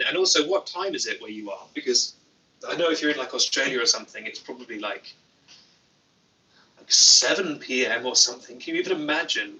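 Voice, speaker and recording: A young man hosting a casual livestream, reading viewer comments with playful, deadpan jokes. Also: medium pitch, recorded from a distance, low-quality recording. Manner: playful, deadpan jokey asides. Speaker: livestream host.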